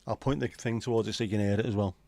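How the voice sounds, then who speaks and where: Rapid-fire and steady, a middle-aged man's low, dark voice comes across with no room sound. As livestream host, he reads out viewer comments in a rambling, jokey pub-banter style.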